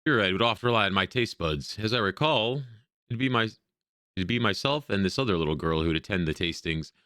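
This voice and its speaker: A man's voice: on the low side, expressive, a little fast, sharp tone, no echo, clean studio sound. A man voicing an elderly, forgetful village woman in a role-playing game, reading her quaint, old-fashioned lines aloud. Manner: quaint archaic phrasing, read aloud.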